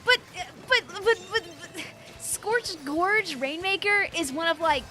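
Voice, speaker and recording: A young woman streaming a game, chatting excitably with lots of fillers and quick reactions. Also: very high voice. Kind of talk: live gameplay commentary.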